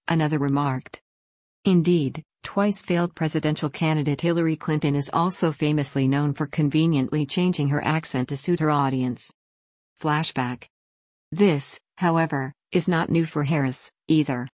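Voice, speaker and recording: Low-voiced woman reading news. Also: steady tone, moderate pace, a little mellow, dry recording, clean studio sound. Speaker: news reader. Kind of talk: scripted news narration.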